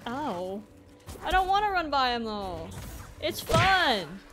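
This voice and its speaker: A woman's voice: high voice, big pitch swings, slow, over music. A woman giving jumpy, exclaiming commentary as she plays a video game and talks back to it. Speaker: gameplay streamer. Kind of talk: let's play commentary.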